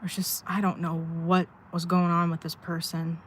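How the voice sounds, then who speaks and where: A woman's voice: lowish voice, completely flat delivery, moderate pace, a little hiss or hum. A woman livestreaming from inside her car at a rest stop, venting candidly and rambling with sighs. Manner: rambling, sighing, heartfelt venting. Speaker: live streamer.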